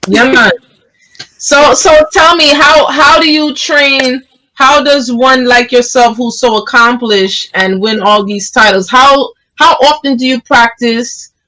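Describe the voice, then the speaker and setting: Bright, eager woman host reacting a lot. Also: high voice, measured pace, poor audio. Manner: reactive, many short exclamations. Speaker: interviewer, host. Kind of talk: casual interview chat.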